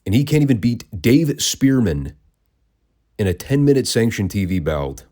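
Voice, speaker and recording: A man with a low, dark, mellow voice talks through old wrestling matches in a relaxed, conversational way. He keeps slipping in dry, sarcastic asides. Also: moderate pace. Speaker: wrestling podcast host. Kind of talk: casual review commentary.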